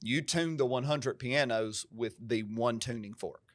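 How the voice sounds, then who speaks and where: A man's voice: mid-range voice, measured pace, a bit bright, no echo. A male pastor with an American country twang, talking earnestly and emphatically on a podcast in a preacher-like way. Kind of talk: podcast conversation.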